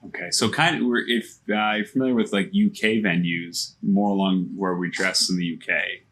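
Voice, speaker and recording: A man's voice: low-pitched, fairly even intonation, fairly bright tone, husky. A male podcast host chatting casually, laughing often and chiming in with short remarks. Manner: laughs often, quick interjections. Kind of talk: casual chat.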